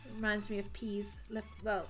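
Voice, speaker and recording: A woman's voice: mid-range voice, completely flat delivery, a little fast, fairly bright tone, faint music behind. A woman live-streaming as she crochets at home, chatting casually and giggling, and counting her stitches aloud.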